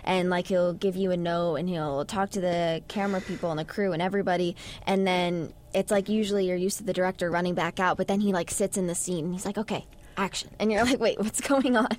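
A woman's voice: on the low side, steady tone, fast talker, hardly any pauses, darkish tone, a little hiss or hum. A young actress chatting casually in an interview, giggling often and filling her talk with "like" and "um". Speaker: actress guest.

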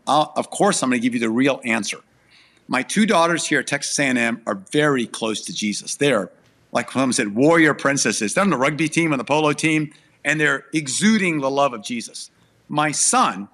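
A man's voice: mid-range voice, fairly bright tone. A middle-aged man sharing a personal testimony as an interview guest, earnest and emphatic, his voice tearful and breaking with emotion.

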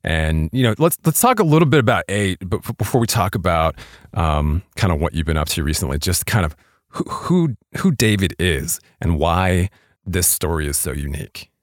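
A man's voice: low-pitched, expressive, moderate pace, no room sound, studio quality. A man hosting a podcast interview, talking casually with lots of fillers and restarts. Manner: rambling, self-deprecating, many fillers and restarts. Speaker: podcast host. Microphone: studio podcast mic.

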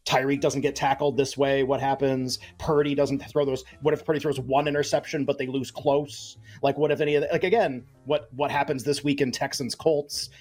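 A man on a sports betting podcast, talking loosely and with a sarcastic edge. His voice has a husky, breathy grain at a middle pitch. Faint music plays under him. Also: fairly quick, hardly any pauses. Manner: animated, sarcastic, many fillers. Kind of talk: casual chat.

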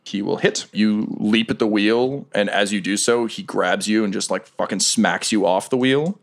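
A man runs a tabletop game with a lowish voice. He narrates in a relaxed, halting way, full of fillers and casual swearing. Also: creaky. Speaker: game master.

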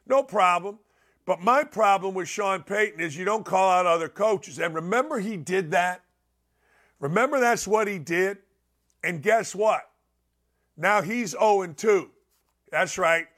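A man hosting a sports podcast, ranting opinions on football with blunt, loud outbursts. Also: high voice, a little slow. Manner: loud, animated, ranting, swings into shouts.

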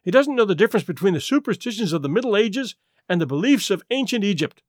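A man's voice: high-pitched, sing-song, fast talker, dry recording, clean studio sound. A man voicing an irate elderly expert scholar who blusters with contempt. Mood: contemptuous rage. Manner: snorting, blustering.

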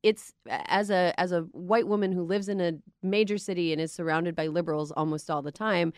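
A woman's voice: lowish voice, steady tone, brisk, darkish tone, no room sound, studio quality. A young adult woman hosting a podcast panel, chatting casually and rambling with restarts. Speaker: podcast host.

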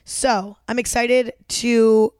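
A woman's voice: fairly high pitch, level tone, slow pace, a little mellow, smooth, dry recording, studio quality. A young woman hosting her own podcast, chatting casually in a rambling, self-deprecating way, full of fillers and swearing, a little groggy from an early start. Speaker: podcast host. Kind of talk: casual solo podcast chat.

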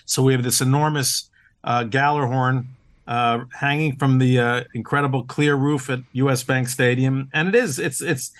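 The speaker, a team owner guesting on a podcast, has a mid-range male voice with fairly even intonation and a normal speed. In this casual interview he's upbeat and earnest, relying heavily on "uh" and frequent restarts.

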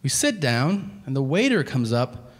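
A man's voice: medium pitch, big pitch swings, unhurried, long reverb tail. A man doing stand-up storytelling on stage, profane and exasperated, with sarcastic asides. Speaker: stand-up comedian. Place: comedy venue stage. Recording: live stage with background noise.

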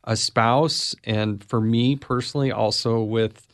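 A middle-aged man hosting an interview, talking in a soft-spoken, reflective way. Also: medium pitch, steady tone, measured pace. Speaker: podcast host. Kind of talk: casual interview chat.

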